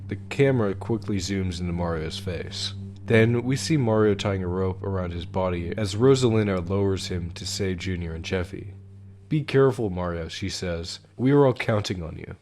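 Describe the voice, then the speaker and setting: A man narrating a creepy story in a measured, dramatic storytelling voice. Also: low voice, a little mellow, a little hiss or hum. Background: background music.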